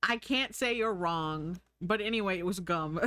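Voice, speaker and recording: A woman's voice: on the low side, a little slow, a bit bright, dry recording. A young woman streaming, chatting casually and giggling while she draws and reads chat. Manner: chatty, giggly, thinks aloud.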